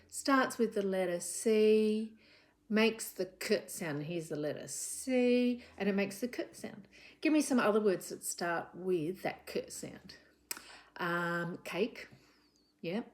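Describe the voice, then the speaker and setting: A woman teaching young children about words and sounds with a puppet, gentle and encouraging, sounding out letters and sometimes whispering softly. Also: mid-range voice. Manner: gentle, encouraging, slow and drawn out. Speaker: children's literacy presenter. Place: home living room.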